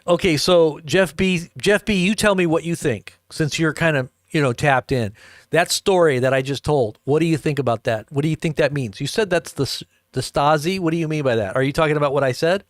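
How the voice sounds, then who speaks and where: A man's voice: fairly high pitch, brisk, no echo, studio quality. Rambling man telling stories to a live chat. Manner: rambling, chuckling, addresses viewers directly. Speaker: livestream host. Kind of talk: casual storytelling to a live chat.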